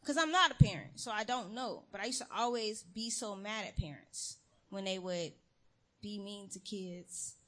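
Animated young woman preaching casually. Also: medium pitch, moderate pace. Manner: lively storytelling with slang and acted quotes. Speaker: church speaker. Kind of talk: casual sermon.

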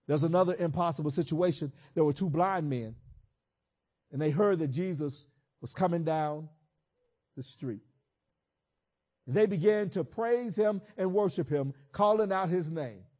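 A man's voice: fairly high pitch, unhurried, pauses often, darkish tone. A pastor preaching a sermon, speaking earnestly and directly to his congregation.

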